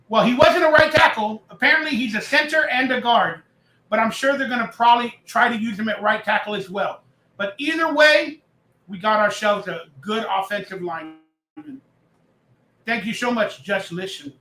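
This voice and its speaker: A man's voice: high voice, sharp tone, roomy sound. A man hosting a casual live stream, chatting loosely, reading out viewer comments and joking as he rambles. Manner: chatty, reads chat aloud, jokes and rambles. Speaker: livestream host.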